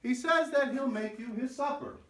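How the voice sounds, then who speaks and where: A woman narrating a school play, reading the stage directions aloud in a slow, lively storytelling way. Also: high-pitched. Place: school auditorium. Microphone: far camera. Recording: echoey hall recorded from far off.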